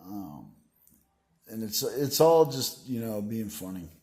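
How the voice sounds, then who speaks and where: A man's voice: on the low side, lively intonation, takes it slowly, mellow. Rambling, grandiose man talking to camera. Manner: meandering, full of "you know" and "like" fillers; grandiose, preachy. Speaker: vlogger.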